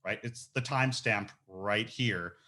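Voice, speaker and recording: Energetic slangy man demoing software. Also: lowish voice, a little slow. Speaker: recruiter giving a software training. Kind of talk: casual webinar demo.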